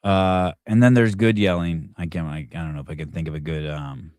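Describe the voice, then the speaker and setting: A man's voice: sits low, steady tone, brisk, no room sound, clean studio sound. A middle-aged man hosting a casual morning talk show, rambling and restarting his sentences as he talks with callers. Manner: rambling, restarts often, shouts quoted yells. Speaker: podcast host.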